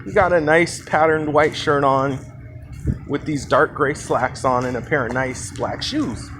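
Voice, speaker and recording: A man's voice: a little high, measured pace. A man casually telling a story, rambling with fillers and asides. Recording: noisy background.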